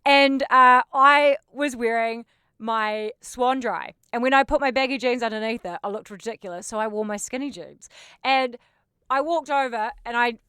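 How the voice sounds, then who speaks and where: A bubbly woman chats on her podcast, her voice smooth and fairly high. The sound is dry and close, with no room around it. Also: normal speed, sharp tone, no room sound. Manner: bubbly, chatty, lots of "like". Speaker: podcast host. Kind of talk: casual chat.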